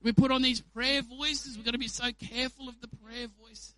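High, bright-voiced preacher. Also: male voice, moderate pace, dry recording, rough recording. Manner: conversational, animated, with playful examples. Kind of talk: sermon.

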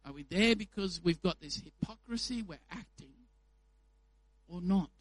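A man preaching a sermon. He speaks in a conversational, animated way and uses playful examples. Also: sits high, moderate pace, no echo, poor audio.

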